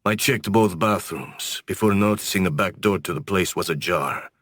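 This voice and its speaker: A man with a very deep voice narrates a first-person audiobook, brooding and measured. The studio recording is dry and close, with no room sound. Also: fairly bright tone, no room sound.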